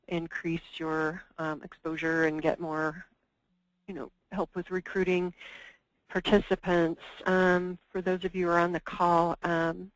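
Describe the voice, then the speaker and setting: A woman's voice: on the low side, dry recording, poor audio. A woman leading a conference call discussion, hesitant and full of fillers and restarts. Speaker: meeting presenter.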